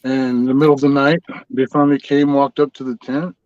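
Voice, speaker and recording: A middle-aged man telling a long story in a relaxed, rambling way, as a guest on a podcast. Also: medium pitch, a little fast, dull audio. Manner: rambling, laid-back storyteller. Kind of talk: casual storytelling.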